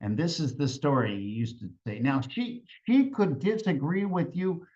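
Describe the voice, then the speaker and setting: A man telling a family tall tale live, halting and repeating words with chuckles between lines. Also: on the high side, animated, darkish tone. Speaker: storyteller. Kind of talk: live storytelling. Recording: lo-fi event recording.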